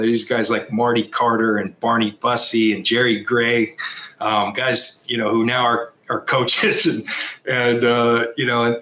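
A middle-aged man, a former football player now a team executive, being interviewed and telling stories in a halting way, with frequent restarts and chuckles. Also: mid-range voice, sharp tone. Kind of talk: casual interview storytelling. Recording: echoey room.

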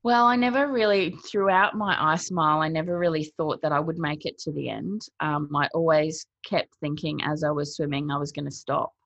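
In a casual interview, a woman who swims in cold water recounts her experience with a low, creaky voice at a moderate pace, hardly pausing. She animatedly acts out people's words and laughs between thoughts, on a dull, dry lo-fi recording.

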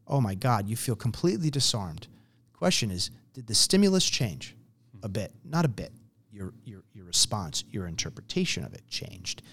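A man's voice: fairly low pitch, big pitch swings, normal speed, fairly bright tone, slightly rough. Earnest man explaining with stories. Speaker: program founder. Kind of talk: conversational interview.

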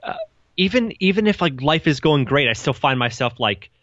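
Bright, quick-talking man podcast co-host. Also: a little high, no echo, lo-fi sound. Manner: quick, chatty, animated quoting. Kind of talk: casual chat.

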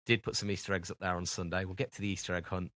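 A man's voice: sits low, fairly even intonation, very fast, pushed and bright, no echo. A British man co-hosting a podcast, rambling through everyday anecdotes in casual chat and acting out the dialogue. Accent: British English. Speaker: podcast co-host.

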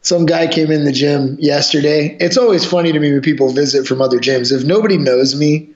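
A man, a martial arts instructor and podcast guest, telling gym stories in a profane, animated way. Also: fairly high pitch, fairly quick. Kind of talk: casual podcast chat. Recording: roomy, dull lo-fi sound.

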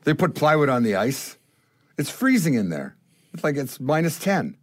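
A man's voice: a little high, very animated, moderate pace, no room sound. Older Canadian man telling road stories. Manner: acts out voices in his stories. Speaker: guest musician. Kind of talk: animated storytelling.

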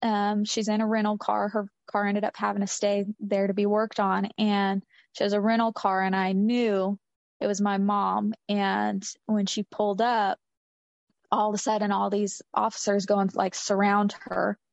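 A woman's voice: mid-range voice, level tone, normal speed, gravelly, no echo. A woman recounting a personal story in an interview, earnest and repeating phrases for emphasis. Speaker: interview guest. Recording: dull lo-fi sound.

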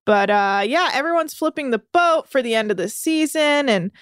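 A woman's voice: high-pitched, animated, moderate pace, fairly bright tone, clean tone, no room sound, studio quality. A woman co-hosting a podcast, animatedly recapping a show in casual chat. She swears freely. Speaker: podcast co-host.

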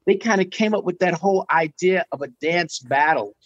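A middle-aged man casually telling an anecdote as a guest, animated and acting out quotes with jumps in pitch. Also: moderate pace, no echo, muffled recording. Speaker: guest storyteller.

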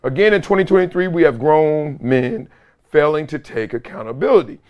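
High-voiced man riffing on sports. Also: normal speed, clear, resonant tone, highs cut off. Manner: animated, slangy storytelling with laughs. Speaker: sports talk show host. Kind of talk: casual sports commentary.

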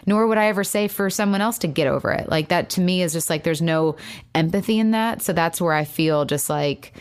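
A woman talking through a painful separation, halting with many restarts and quoting herself. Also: fairly low pitch, clean tone. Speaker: caller seeking advice. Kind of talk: emotional personal conversation.

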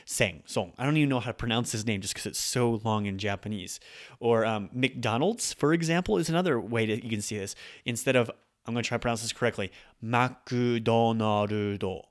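A man's voice: mid-range voice, a little fast. Chatty man teaching Japanese words. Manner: relaxed, chatty, with fillers and self-corrections. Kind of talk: casual spoken language lesson.

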